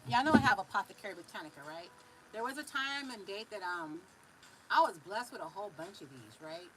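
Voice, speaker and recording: A Californian woman giving a live spiritual reading in a loose, animated way, drawing words out, humming and affirming between messages. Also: medium pitch, a little fast, background noise. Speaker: spiritual reader.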